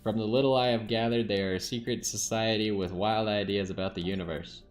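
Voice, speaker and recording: A man reading the lines of a determined young woman duelist aloud in his own plain low voice, without any accent. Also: fairly even intonation, fairly quick, faint music behind, natural voice.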